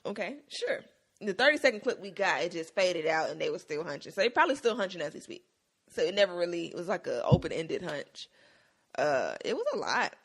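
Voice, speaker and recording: Female podcast co-host, lively pitch, slangy, laughing storyteller. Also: brisk, husky. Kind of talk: casual TV recap chat.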